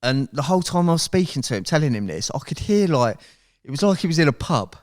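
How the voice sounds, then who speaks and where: A man, a podcast guest, telling a story in casual chat, animated and swearing freely as he goes. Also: on the high side, quick pace.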